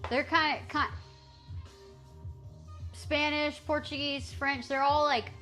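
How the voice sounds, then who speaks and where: A woman's voice: high-pitched, little pitch movement, takes it slowly, pushed and bright, soft background music. An American woman streamer chatting casually with her viewers, playfully trying out clumsy French phrases. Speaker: livestreamer.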